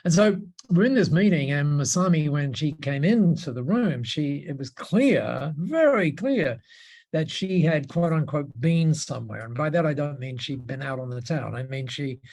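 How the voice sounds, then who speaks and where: Gravelly Australian man telling a story. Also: on the high side, moderate pace. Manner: animated storyteller, repeats words when excited. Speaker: podcast guest. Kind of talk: storytelling interview talk.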